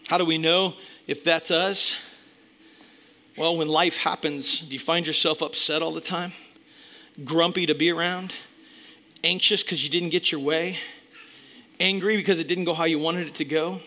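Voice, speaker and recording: Fired-up pastor with a bright, high voice. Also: male voice, steady tone, normal speed, long pauses. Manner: impassioned, swings between loud emphasis and quiet intensity. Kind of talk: sermon. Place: church.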